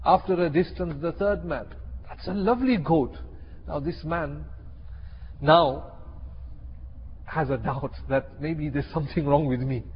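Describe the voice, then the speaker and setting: A man, giving an animated sermon and acting out the people in his story. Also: fairly high pitch, unhurried, pauses often, a little hiss or hum. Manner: animated, acts out characters in a story. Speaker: Islamic teacher. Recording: dull echoey hall.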